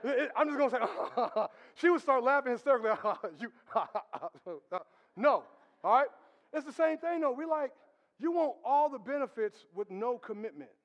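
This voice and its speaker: A man's voice: very high voice, lively intonation, normal speed, long reverb tail, dull audio. A man preaching a casual, conversational sermon, addressing the congregation directly. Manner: conversational preaching with crowd asides, laughing. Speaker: pastor. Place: church.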